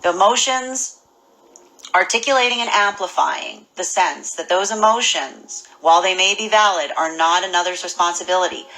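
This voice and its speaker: A woman giving a casual spoken tarot reading, animated and full of restarts and repeated words. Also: lowish voice, normal speed, rough recording. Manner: acts out imagined people's voices. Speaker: tarot reader.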